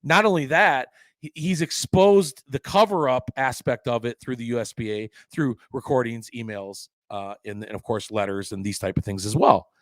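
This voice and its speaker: A man hosting a podcast, ranting in an indignant, sarcastic way. He swears freely and swings between loud outbursts and low mutters. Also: normal speed, no echo, poor audio. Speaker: podcast host. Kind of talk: opinionated solo podcast rant.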